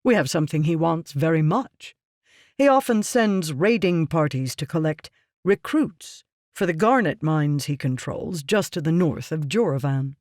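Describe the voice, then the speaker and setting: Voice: mid-range voice, animated, measured pace, dry recording, studio quality, natural voice. An audiobook reader voicing a ruthless, scheming merchant man who talks down to others in a curt, lecturing way. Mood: dismissive. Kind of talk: audiobook character reading.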